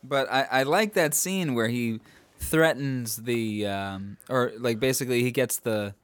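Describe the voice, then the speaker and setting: A man's voice: mid-range voice, measured pace, clean tone. A man in his thirties co-hosting a casual movie podcast, joking around, trading quotes and laughing. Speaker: podcast co-host.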